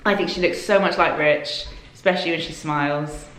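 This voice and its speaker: A young woman telling her story to camera in an animated, chatty way, with many fillers. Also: medium pitch, moderate pace, roomy sound. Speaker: vlogger.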